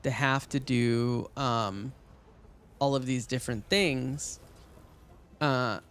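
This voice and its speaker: A man's voice: mid-range voice, slow, fairly bright tone, a little hiss or hum. A man chatting casually and rambling with lots of fillers as he streams a game. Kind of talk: casual gaming stream chat.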